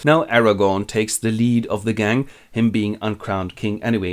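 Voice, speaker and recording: A man with a German accent telling a fantasy epic as a quick comic retelling, narrating and jumping into character voices. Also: clean tone. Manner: playful, switches into squeaky voices for characters.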